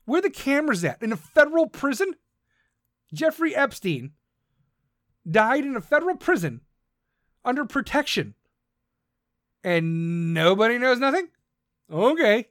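A man's voice: very high-pitched, fairly bright tone, dry recording, studio quality. Profane, ranting male podcast host. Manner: profane, combative, sarcastic; mocks others in put-on voices. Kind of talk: ranting monologue.

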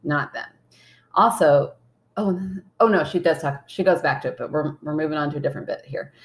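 A woman's voice: sits low, a little fast. A woman co-hosting a casual podcast chat, laughing often as she reads out listener messages. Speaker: podcast co-host.

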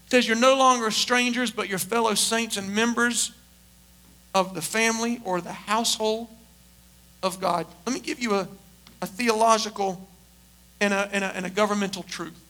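Middle-aged man, pastor, very high voice, forceful and emphatic, jokey story asides. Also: fairly even intonation, moderate pace. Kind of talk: sermon. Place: church service.

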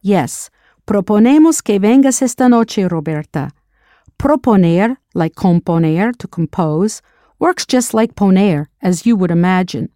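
A female language teacher narrates a scripted audio lesson in a warm, mellow, animated mid-range voice at a measured pace. She patiently asks drill questions and confirms each answer. The recording is close and dry, with no room sound.

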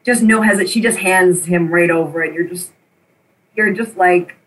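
Low-voiced woman telling her story. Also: normal speed. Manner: animated, emotional, repeats phrases for emphasis. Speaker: interview guest. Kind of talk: personal storytelling. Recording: voice a bit distant from the mic.

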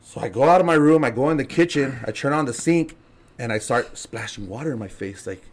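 A man's voice: medium pitch, expressive, fairly quick. A man telling a story as a podcast guest in casual chat, laughing and swearing as he acts out the people in it. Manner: laughing, profane, acts out quotes.

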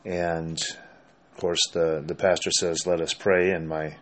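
A man's voice: low-pitched, unhurried. An older man, a pastor with grandchildren, chatting casually about prayer and telling stories, quoting scripture as he goes. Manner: relaxed, storytelling, quotes scripture. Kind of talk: casual conversation about faith.

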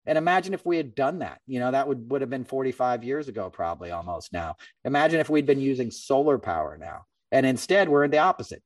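A middle-aged man hosting a podcast, telling a story in a casual, animated way and acting out other people's lines. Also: medium pitch, no room sound, recorded from a distance. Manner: animated, acts out quoted voices. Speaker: podcast host.

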